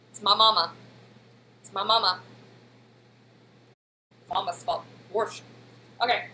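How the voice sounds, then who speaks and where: A woman's voice: fairly high pitch, pushed and bright, slight background noise, low-quality recording. A woman in her thirties in a home kitchen, chatting casually with her live chat while she walks through a recipe. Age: 30s. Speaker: cooking streamer. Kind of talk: casual live-stream cooking demo.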